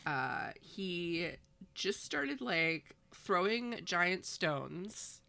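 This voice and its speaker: A woman's voice: fairly low pitch, expressive, very slow, vocal fry, sharp tone. A woman recapping a book in casual chat, with wry, sarcastic asides. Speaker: podcast co-host.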